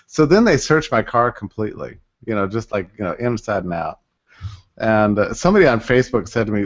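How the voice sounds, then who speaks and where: Male co-host, average pitch, chatty rambling storyteller, muffled lo-fi audio. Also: animated, a little fast. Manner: rambling, self-interrupting, laughs often. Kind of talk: casual conversational storytelling.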